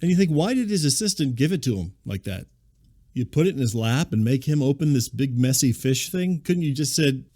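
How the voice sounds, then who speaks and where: A man's voice: medium pitch, animated, a little fast, warm tone. A man hosting a podcast, delivering a scripted comedic monologue full of wry, incredulous digressions. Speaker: podcast host.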